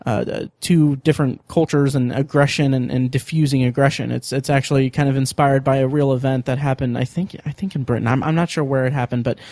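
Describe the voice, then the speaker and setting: A man hosting a podcast, chatting casually and excitedly, with many fillers and restarts. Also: medium pitch, brisk, hardly any pauses, no room sound, studio quality. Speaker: podcast host. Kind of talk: casual chat.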